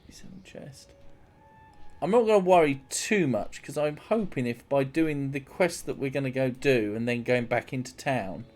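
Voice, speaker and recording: A man's voice: medium pitch, moderate pace, a little mellow. A man giving casual, rambling gameplay commentary as a streamer. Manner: rambling, chatty, self-mocking.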